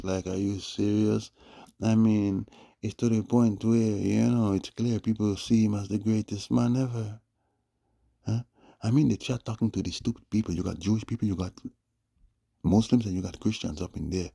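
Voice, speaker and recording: A man's voice: fairly low pitch, steady tone, moderate pace, vocal fry, mellow. A man giving mocking casual commentary on a livestream, tagging his points with "huh?". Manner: mocking, with frequent "huh?" tags. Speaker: online commentator.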